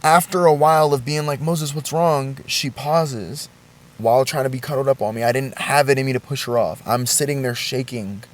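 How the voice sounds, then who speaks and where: A young man with a mid-range voice tells a confessional story in a vlog. He sounds shaken and halting, swearing and restarting his sentences frequently.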